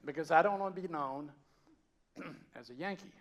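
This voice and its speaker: Over some background noise, a fairly high-pitched man delivers a sermon at a moderate pace. He's a pastor raised in the Georgia mountains with a Southern accent, telling stories conversationally and shifting from loud passages to hushed ones.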